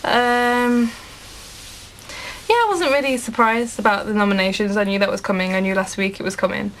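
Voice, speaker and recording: A woman's voice: mid-range voice, normal speed, a bit bright, slight background noise, low-quality recording. A British woman on a reality show, talking heatedly and repeating herself. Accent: British English. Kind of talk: heated casual talk.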